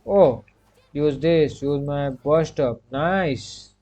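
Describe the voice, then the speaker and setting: A man talks casually over his own gameplay in a mellow, relaxed voice. He steps himself through each move with short repeated commands and fills his pauses with the same stock phrase. The sound is dull and lo-fi, like a cheap home mic. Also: a little high. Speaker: gaming streamer.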